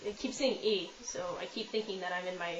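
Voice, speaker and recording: A woman's voice: on the low side, fast talker. Young canadian girl rambling at her webcam, lots of ums, kinda muffled, faint hum behind. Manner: rambling, self-deprecating, with many ums and restarts. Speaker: vlogger. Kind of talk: casual chat to camera. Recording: roomy, slightly muffled home video.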